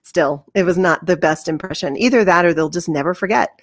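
A woman co-hosting a podcast in casual chat, self-deprecating and quick to laugh. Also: on the low side, no echo, clean studio sound. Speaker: podcast co-host.

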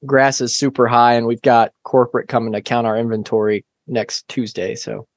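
A man's voice: medium pitch, flat delivery, normal speed, no room sound. A man chatting as a returning guest on a podcast, telling stories with dry, teasing humor. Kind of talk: casual podcast chat.

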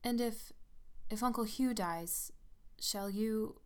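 A timid young woman, nervous and fearful, her voice climbing high and pleading, as a woman reads her part. The tone is smooth and clear, like a storybook read aloud. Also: slow.

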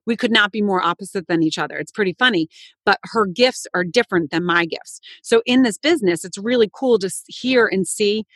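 A woman's voice: medium pitch, fairly quick, a bit bright, breathy edge, no echo. A woman in her thirties, a mother and coach, chatting with enthusiasm and casual swearing. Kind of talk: casual chat.

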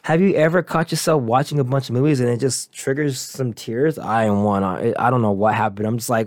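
A man's voice: mid-range voice, steady tone, a little fast, few pauses, dry recording, studio quality. A man hosting a motivational podcast, talking earnestly and encouragingly in a loose, rambling way. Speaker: podcast host.

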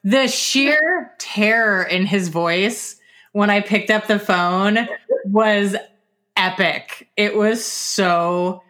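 Bright-voiced woman, wry and teasing. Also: mid-range voice, drawn-out words. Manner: wry and teasing, laughs along. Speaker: podcast co-host. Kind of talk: casual chat.

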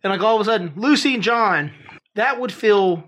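A man's voice: expressive, moderate pace, a bit bright. A man co-hosting a casual podcast chat, joking and laughing often. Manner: laughs often, jokey, acts out quotes in high voices. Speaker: podcast co-host.

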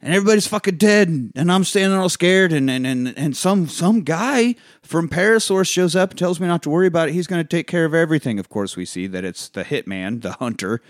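A man's voice: fairly high pitch, a little fast, hardly any pauses, dry recording, studio quality. A man co-hosting a podcast, retelling a movie in casual chat, acting out the characters' lines and swearing freely. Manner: animated, acts out characters' lines while retelling, swears a lot. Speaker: podcast co-host.

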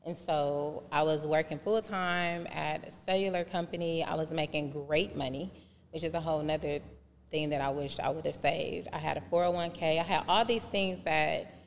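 A woman with a fairly low voice tells a long personal story in a relaxed podcast conversation. She gets animated and acts out what people said, switching voices as she goes. The room has a long, reverberant tail and a faint noise underneath. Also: moderate pace, gravelly.

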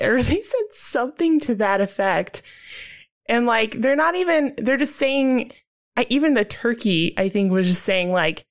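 A woman's voice: on the high side, lively intonation, a little slow. A woman in casual chat about a movie she found badly written, talking loosely with lots of "like" and frequent laughter. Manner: chatty, laughing often, heavy use of "like". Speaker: podcast co-host reviewing a movie.

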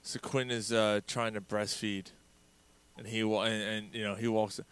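A man's voice: on the low side, normal speed, clean tone. A man, hosting a casual podcast chat, telling stories with lots of swearing and acting out his friends. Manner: swearing, animated storyteller doing friends' voices. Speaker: podcast host.

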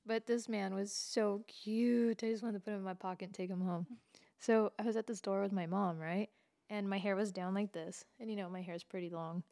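A woman co-hosting a casual podcast chat, telling stories in an animated way and laughing often. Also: medium pitch, brisk, vocal fry. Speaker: podcast co-host.

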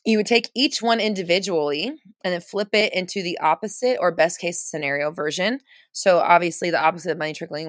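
Low-voiced woman coaching on a live stream. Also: brisk, fairly bright tone, dry recording, clean studio sound. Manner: casual, chatty, many fillers and restarts; emphatic, repeats phrases for stress.

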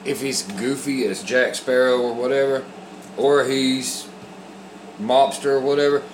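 A man's voice: medium pitch, steady tone, unhurried, slight background noise. Chill agreeable guy, echoey room, humming in the background. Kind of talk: casual chat.

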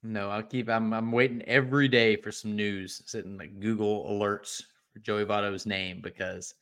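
A man's voice: lowish voice, little pitch movement, moderate pace, a bit bright, clear, resonant tone. A man from the Midwest co-hosting a casual sports podcast, with dry jokes. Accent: Midwestern American. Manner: dry, joking. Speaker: podcast co-host.

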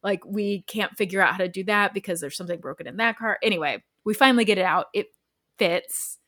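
A woman chatting casually, spinning a story with constant filler words and quick self-mocking laughs. Her voice sits at an ordinary middle pitch for a woman, and the delivery is loose and conversational. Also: a bit bright. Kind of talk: casual chat.

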